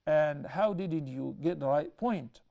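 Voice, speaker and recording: A man lectures on a hadith in a dark, mellow voice. He speaks in a measured way and often stops to restate a point more clearly. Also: on the high side. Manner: measured, explanatory, with repeated self-corrections. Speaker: Islamic teacher. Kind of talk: explaining a hadith to a class.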